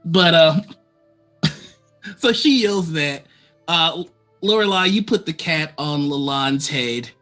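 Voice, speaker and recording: Guy gm narrating a tabletop game, highish bright voice, lots of uhs, chill. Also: takes it slowly, pauses often, faint music behind. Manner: relaxed, laughing, many uh fillers. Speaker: game master.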